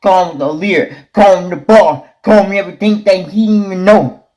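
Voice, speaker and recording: A man's voice: high voice, a little fast, a little mellow, low-quality recording. A man chiming in on a reaction video with repetitive, emphatic asides. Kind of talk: casual reaction chat.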